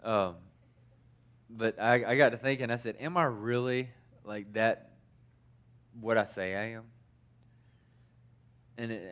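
Bright-voiced man preaching casually. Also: on the low side, smooth. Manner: conversational, many fillers and restarts. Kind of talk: personal-story sermon.

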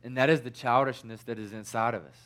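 A man's voice: medium pitch, steady tone, fast talker, fairly bright tone. A man preaching a sermon in a casual, conversational way, telling personal stories with many fillers and restarts.

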